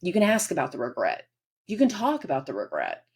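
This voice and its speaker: A woman hosting an astrology channel, giving a casual forecast and acting out everyday scenes in an animated way. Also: low-pitched, brisk, husky.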